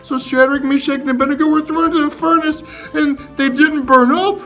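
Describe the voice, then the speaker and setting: A man playing the Bible hero Daniel as a cheerful storyteller for children, retelling his story with excited emphasis. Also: very high-pitched, brisk, soft background music, pitched above the performer's own voice, poor audio.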